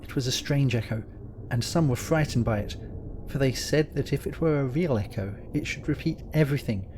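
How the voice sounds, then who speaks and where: A man narrating a gothic ghost story in a measured, dramatic way. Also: mid-range voice, a little mellow, a little hiss or hum, poor audio.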